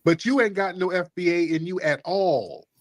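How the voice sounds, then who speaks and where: A man's voice: sits high, moderate pace, no room sound, studio quality. A man hosting a livestream call-in, arguing with callers in a dismissive, mocking, blunt way. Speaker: livestream host taking callers. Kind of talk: heated call-in debate.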